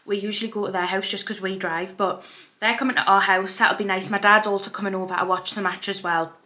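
A woman's voice: medium pitch, fairly even intonation, quick pace, bright, forceful tone. A young woman with a Geordie accent, chatting casually to camera in a rambling vlog, with a slight lisp from dental aligners. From North East England. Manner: chatty and rambling, with frequent fillers. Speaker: vlogger.

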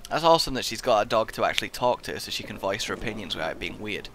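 A young man giving playful, excitable let's-play commentary and chatting to the game character as he plays. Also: lowish voice, racing, a little hiss or hum. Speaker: gaming video host.

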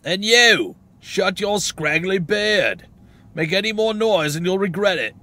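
A man voicing a gruff, scornful male jail guard in a game, with a put-on accent. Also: a little high, lively intonation, moderate pace, fairly bright tone, voice pushed up. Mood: mocking.

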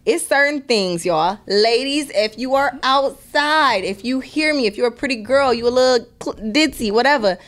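A woman's voice: sits high, moderate pace, hardly any pauses, a bit bright. A woman from Milwaukee chats as a podcast guest. She tells her stories bluntly and with lots of swearing, laughs often, and slips into the voices of the people she quotes. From Milwaukee, Wisconsin. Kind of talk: casual interview chat.

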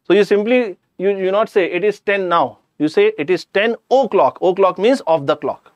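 Indian english guy running an online grammar class, jokey, talks right to the students, pretty high voice. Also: normal speed, no echo, lo-fi sound. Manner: chatty, addresses students directly, slips in jokes. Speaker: teacher.

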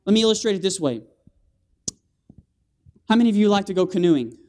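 A man preaching an animated sermon in a church, calling for amens from the congregation and acting out scenes with sound effects. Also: high-pitched, fairly quick. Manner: animated, with call-and-response and vocal sound effects. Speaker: guest preacher. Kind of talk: lively evangelistic sermon. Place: church sanctuary.

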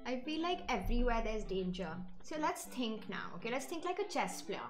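A high-pitched woman with an Indian English accent narrates her gameplay for a live chat. She sounds exasperated and talks back to herself. Soft game music plays faintly behind her. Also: big pitch swings, fairly quick. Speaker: streamer.

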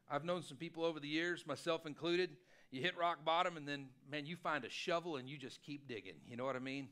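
A man preaching a sermon as pastor, telling a personal story in an animated, self-deprecating way. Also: a little high, fairly quick. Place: church sanctuary.

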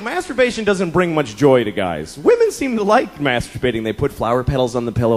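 A man's voice: mid-range voice, huge pitch swings, a little fast, hardly any pauses. A man in his thirties doing stand-up comedy, exasperated and profane, acting out his own inner voices. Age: 30s. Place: comedy club stage with laughing audience. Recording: stage mic with crowd laughter and noise.

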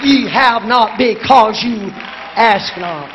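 A woman preaching a sermon emphatically, building to shouted lines and then dropping to a low, quiet delivery. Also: slow, a crowd in the background, noisy background. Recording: dull lo-fi conference recording.

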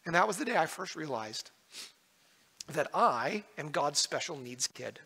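A pastor preaching in a high, bright voice, earnest and personal as he tells a story. The sound carries a long reverb, like an echoey church hall. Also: very animated, measured pace, vocal fry, slightly rough. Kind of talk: sermon.

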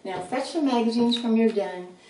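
A woman voicing a kind, encouraging male kangaroo rat in a storybook, brisk and reassuring. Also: on the high side, warm tone, a little hiss or hum, close to an everyday voice. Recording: roomy sound, mic at a distance.

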